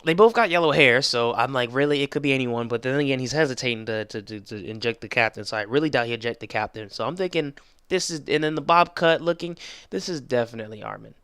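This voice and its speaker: A young man giving a casual anime episode review, excitable and rambling, full of slang and restarts. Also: medium pitch, quick pace, clean tone, no echo, clean studio sound.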